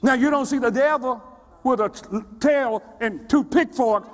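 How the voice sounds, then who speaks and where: A man preaching a sermon as pastor, swinging between steady teaching and shouted call-and-response questions to the congregation. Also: very high-pitched, a little slow. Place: church sanctuary. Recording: long church reverb.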